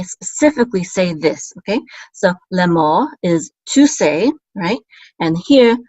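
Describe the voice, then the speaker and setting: A woman teaching Hebrew grammar step by step, patient and explanatory, often checking in with "okay?" and pausing on fillers. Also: on the low side, darkish tone, dry recording, poor audio.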